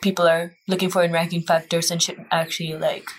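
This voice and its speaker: A woman's voice: fairly low pitch, flat delivery, fairly quick, slight background noise, poor audio. A woman hosting a casual interview, friendly and saying "like" a lot. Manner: friendly, uses "like" often. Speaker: podcast host.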